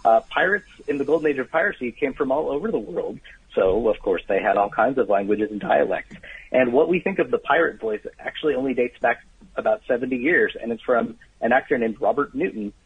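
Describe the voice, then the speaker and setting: Guy calling in, super into his trivia, husky voice, sounds like a thin phone line. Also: mid-range voice, brisk, no echo. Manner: animated, storytelling, enthusiastic about trivia. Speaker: guest author. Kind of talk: phone-in radio interview. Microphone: telephone. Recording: tinny dry phone line.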